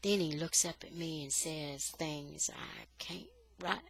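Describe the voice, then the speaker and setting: A woman reading a children's novel aloud for English learners, with steady, expressive storytelling. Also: low voice, slow, vocal fry, husky.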